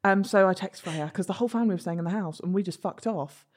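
A young woman appearing as a guest tells a story in casual chat, animated and swearing freely while acting out other people's voices. Her voice is fairly low and she talks fast.

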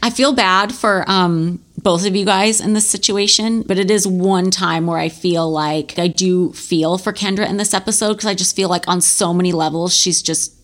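A woman's voice: lowish voice, fairly even intonation, moderate pace, few pauses. A woman in her forties co-hosting a podcast, talking candidly and swearing freely. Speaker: podcast co-host. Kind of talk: casual chat.

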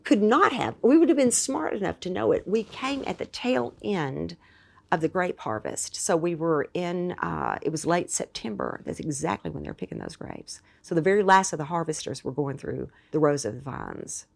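Expressive low-voiced woman telling a story. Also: normal speed, vocal fry. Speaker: podcast guest. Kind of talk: storytelling in conversation.

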